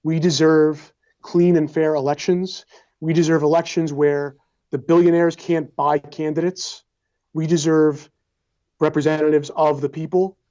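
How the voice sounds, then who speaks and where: Young male political candidate with a mellow, slightly high voice who delivers earnest, stump-speech answers; lo-fi sound. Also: flat delivery, a little slow. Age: young adult. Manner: earnest, speechlike, with repeated phrases. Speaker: congressional candidate. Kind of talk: campaign interview answers. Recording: slightly dull lo-fi audio.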